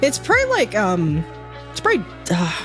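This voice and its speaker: Woman, streamer, casual rambling chat, lots of swearing, mid-pitched voice, faint music behind. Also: huge pitch swings, moderate pace, a bit bright. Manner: rambling, swears a lot, many fillers.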